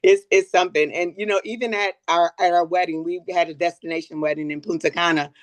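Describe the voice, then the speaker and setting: An older woman speaks as a guest in a personal conversation, her lowish voice fast and fairly even in intonation on a dry recording. She comes across as earnest and reflective, often repeating words while gathering her thoughts.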